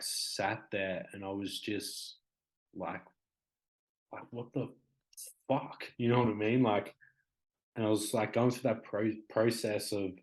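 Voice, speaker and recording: A young Australian man, a guest on a talk show, telling a story in a rambling, emotional way, full of "like" and "you know". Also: on the low side. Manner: emotional, acts out quoted exchanges. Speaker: guest, hip hop artist. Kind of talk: casual storytelling in an interview.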